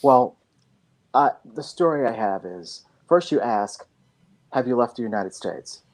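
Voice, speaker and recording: Emphatic low-voiced woman in a panel chat. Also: animated, a little slow, darkish tone. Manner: emphatic, acts out both sides of arguments. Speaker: panel guest. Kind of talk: casual group discussion.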